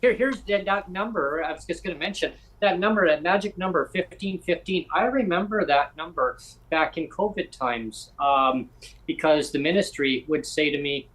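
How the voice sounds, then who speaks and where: This man hosts a podcast and tells stories in an unhurried, recounting manner. His voice sits a little higher than most men's. He steps through what was said to him, one exchange after another. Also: fairly bright tone, poor audio. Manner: unhurried storyteller, recounts conversations. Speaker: podcast host. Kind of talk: podcast conversation, personal anecdote.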